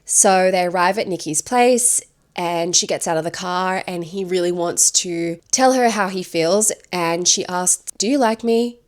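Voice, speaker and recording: A woman's voice: fairly low pitch, a little slow. A woman reviewing a horror film, chatting enthusiastically as she retells its plot scene by scene.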